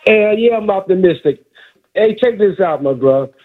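High-voiced man arguing over tinny phone. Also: animated, normal speed. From Miami area. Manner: challenging, repeats questions. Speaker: caller. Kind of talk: argumentative sports call-in.

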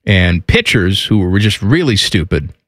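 A man co-hosting a casual sports radio show, reading out stats and throwing in blunt, deadpan wisecracks. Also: sits low, measured pace, no room sound, studio quality.

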